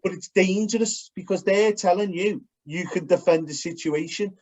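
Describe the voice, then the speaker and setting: A man's voice: sits high, normal speed, a little mellow. A man with a Liverpool accent, co-hosting a podcast in casual chat and telling blunt, sweary stories. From Liverpool, England. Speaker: podcast co-host. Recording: dull lo-fi sound.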